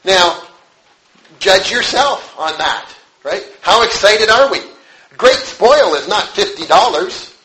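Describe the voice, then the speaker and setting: Bright-voiced man preaching a casual sermon. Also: sits high, slow pace, rough recording. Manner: conversational, acts out quotes with animated voices.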